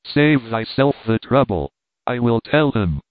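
A man's voice: medium pitch, sing-song, a little slow, dry recording. Man voicing a bullying young thief, scoffing, thin phone-like sound, dry. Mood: mocking. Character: rough young male vagabond thief, scheming and mocking.

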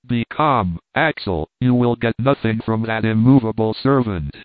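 A man's voice: lowish voice, a little slow, dry recording, natural voice. A man voicing a stern, obstinate older professor in an audiobook, speaking in a firm, commanding way. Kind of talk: audiobook reading. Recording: dry, phone-like narrow sound.

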